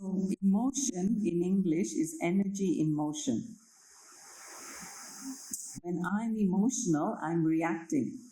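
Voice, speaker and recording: A woman from Kenya giving a spiritual talk on meditation, slow and reflective, often checking in with her listeners. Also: on the low side, warm tone. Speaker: meditation speaker. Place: library hall. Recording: echoey hall.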